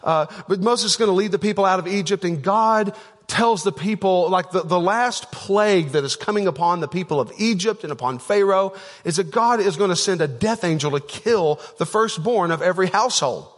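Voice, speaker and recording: A high-pitched, brisk male pastor tells a story during a relaxed sermon in a church auditorium. The long reverb of the hall surrounds his speech, which is full of fillers and restarts.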